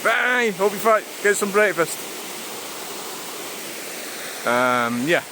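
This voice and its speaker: Scottish man, casual rambling walk-and-talk, slightly high voice, loud rushing stream behind him. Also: very animated. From Scotland. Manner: chatty, rambling, swears casually, talks to the camera and to birds. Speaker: vlogger. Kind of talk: casual walking vlog talk. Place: outdoors by a river and waterfall. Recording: rushing stream noise outdoors.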